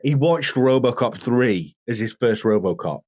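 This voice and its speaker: Man, podcast co-host, casual chat, animated storyteller, mid pitch, dry sound. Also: normal speed, dry recording. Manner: animated storyteller, laughs often, does impressions.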